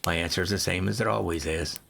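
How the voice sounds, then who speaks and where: A man reading the lines of Melinda, a blunt and steady woman, in a plain matter-of-fact tone. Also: low voice, fairly quick, creaky, slight background noise. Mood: firm.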